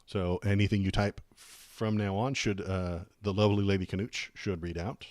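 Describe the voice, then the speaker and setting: Dry-voiced, sarcastic live-stream host. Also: male voice, low voice, flat delivery, moderate pace, darkish tone, no echo. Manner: rambling, sarcastic, mutters mild curses. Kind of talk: casual political commentary and reaction.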